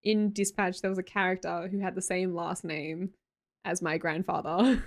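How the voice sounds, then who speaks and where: A woman's voice: on the low side, fairly even intonation, moderate pace. A young Australian woman live streamer chatting casually with her viewers, reading their messages aloud, laughing often and swearing freely.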